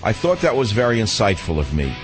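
A man hosting a talk radio show, delivering an indignant, combative monologue with sudden leaps in pitch. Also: huge pitch swings, fairly quick, soft background music.

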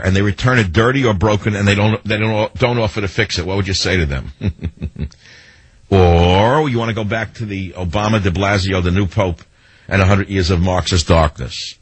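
A man's voice: sits low, husky, no echo, rough recording. A man hosting a talk radio show, telling sarcastic stories and mimicking the people in them. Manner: sarcastic, storytelling with mimicked quotes. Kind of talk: monologue to listeners.

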